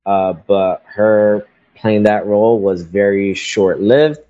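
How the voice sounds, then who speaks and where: A man co-hosting a casual podcast chat, talking hesitantly with many pauses and restarts. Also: on the low side, dark tone, lo-fi sound. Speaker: podcast co-host.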